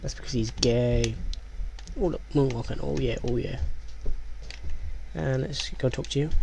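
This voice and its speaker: Hushed gravelly-voiced man playing a game. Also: measured pace, long pauses, slight background noise. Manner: hushed, keeps voice low; rambling, reads game text aloud. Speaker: let's play commentator. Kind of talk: let's play commentary.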